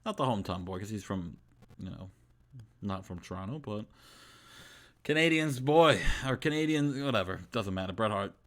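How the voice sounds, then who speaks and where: A man's voice: fairly low pitch, animated, moderate pace, long pauses. A man co-hosting a podcast, giving dry, laid-back reactions in casual chat. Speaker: podcast co-host.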